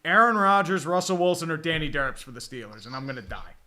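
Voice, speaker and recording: A man's voice: on the high side, quick pace, crowd noise. A man streaming casual football chat, rambling with melodramatic fan despair. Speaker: sports streamer.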